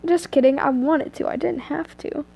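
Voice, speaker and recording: Teen girl, high voice, reads fanfic aloud, giggly, chatty asides, earphone mic at home. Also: normal speed, creaky, warm tone. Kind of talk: reading fanfiction aloud with commentary.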